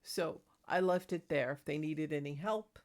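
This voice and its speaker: Rambly woman on her paranormal vlog, kinda low voice, laughs here and there. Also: normal speed. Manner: rambling, chatty, laughs between thoughts. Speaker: paranormal vlogger. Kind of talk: casual vlog monologue.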